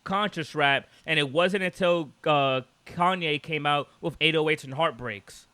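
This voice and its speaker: A man co-hosting a podcast in casual chat, animated and rambling, with lots of "like"s and restarts. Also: a little high, unhurried, smooth, no echo. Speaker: podcast co-host.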